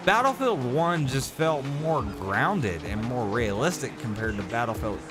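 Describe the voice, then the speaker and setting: A stuffy, sore-throated man talks through a late-night game stream with music playing behind him. His voice swings widely and animatedly in pitch as he rambles and cuts himself off mid-thought. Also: measured pace. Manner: rambling, animated, self-interrupting.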